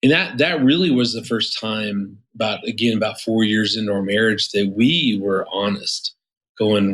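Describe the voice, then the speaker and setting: A man's voice: on the low side, normal speed, fairly bright tone, low-quality recording. A man in his fifties, a marriage therapist guest, telling stories in a casual interview with many restarts and fillers.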